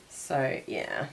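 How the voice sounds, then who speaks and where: A woman hosting a cardmaking tutorial, chatting casually and digressing as she crafts. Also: slight background noise.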